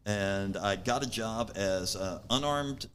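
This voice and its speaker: A man's voice: fairly low pitch, slow, a bit bright, a little hiss or hum. A middle-aged man, a podcast guest, telling stories casually in a rambling way with many fillers and acted-out quotes. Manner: rambling, filler-heavy storyteller who acts out what people said. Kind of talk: casual storytelling.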